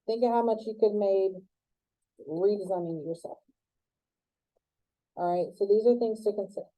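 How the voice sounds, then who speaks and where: A woman's voice: medium pitch, steady tone, moderate pace, warm tone, poor audio. A woman teaching a college web design class in a chatty, joking way, acting out both sides of conversations in her stories. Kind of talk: classroom lecture with storytelling.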